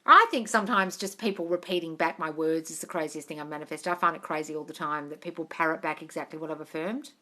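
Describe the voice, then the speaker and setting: A young woman talks into her phone at arm's length during a casual live question-and-answer stream. Her tone is bright and crisp, and her manner is frank and chatty. She swears freely and calls her viewers darling as she reads their comments aloud. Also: sits low, fast talker, few pauses.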